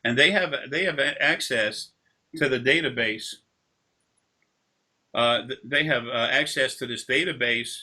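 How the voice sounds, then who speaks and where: Guy on a video call, energy healer type, bright voice, rambles on and on in long tangents. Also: mid-range voice, measured pace, pauses often. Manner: rambling, drifting into long anecdotes. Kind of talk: casual explanation during a session.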